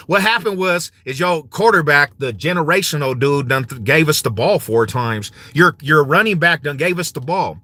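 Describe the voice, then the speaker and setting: Bright, lively trash-talking man. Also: a little high, moderate pace, few pauses, no room sound. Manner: mocking, swaggering, slangy, laughs often. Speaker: vlogger. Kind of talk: casual trash-talking rant.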